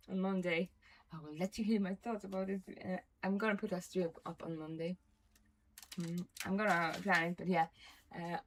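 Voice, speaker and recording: A young woman streaming and chatting casually with her viewers, rambling and self-deprecating, full of "like" and casual swearing. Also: medium pitch. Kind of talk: casual chat to a live stream chat.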